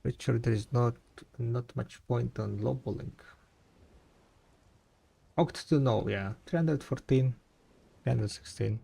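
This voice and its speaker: Gravelly-voiced man streaming a game. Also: mid-range voice, unhurried, pauses often, warm tone. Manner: rambling, self-correcting, thinking aloud. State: tired, yawning. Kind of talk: casual live-stream chat while playing.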